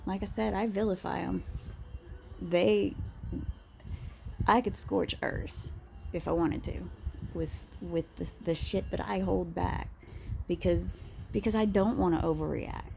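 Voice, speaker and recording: A woman delivers a blunt, unhurried personal rant, swearing freely and circling back to restart her thoughts. Her voice is low-toned and gravelly, with a dark, mellow tone. A faint hiss of noise sits under the recording. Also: fairly even intonation. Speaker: vlogger.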